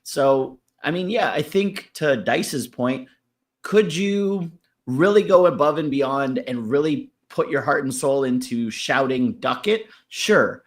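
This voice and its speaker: A music critique panelist with a mid-range voice speaks slowly, giving blunt feedback on a rap verse. He swears and laughs as he critiques in a casual review chat.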